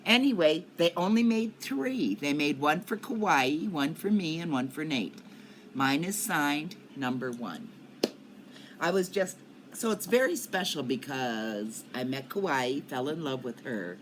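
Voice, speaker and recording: A woman's voice: sits low, animated, unhurried, background noise. An older woman chatting casually to her viewers in a rambling way, coughing often. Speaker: cannabis vlogger. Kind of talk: casual chat to camera. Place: at home in Colorado.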